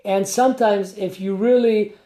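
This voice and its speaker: A man's voice: high voice, steady tone, moderate pace, dark tone. A man, a rabbi, giving a conversational Torah class with rhetorical questions and asides. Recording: echoey room.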